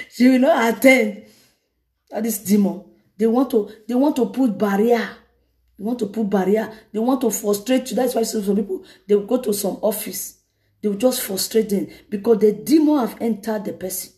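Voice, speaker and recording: A woman evangelist preaching a lively sermon, telling a story dramatically. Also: on the high side, moderate pace. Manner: animated, laughing, dramatic retelling.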